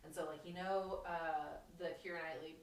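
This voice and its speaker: A woman guest on a podcast, telling a story in an animated, rambling way with many restarts, recorded in a home kitchen. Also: sits low, moderate pace, crowd noise. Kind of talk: casual chat, storytelling. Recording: roomy kitchen, distant mic.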